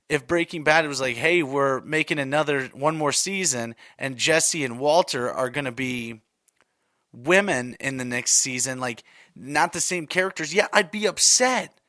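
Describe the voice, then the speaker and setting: A man's voice: on the high side, bright, forceful tone, no room sound, clean studio sound. A young man hosting a solo podcast, rambling and exasperated as he rants. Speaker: podcast host.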